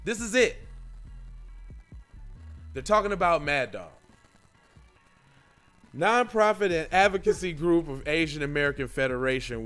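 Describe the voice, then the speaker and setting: A man's voice: mid-range voice, a bit bright. A man co-hosting a podcast, giving sarcastic comedic commentary and reading news aloud with mocking asides. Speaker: podcast co-host.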